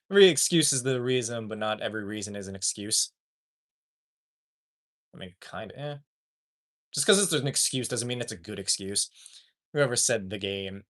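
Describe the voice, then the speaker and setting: A man's voice: mid-range voice, fairly bright tone. A man streaming live, reading chat and ranting with heavy swearing. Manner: profane, ranting, reads chat aloud.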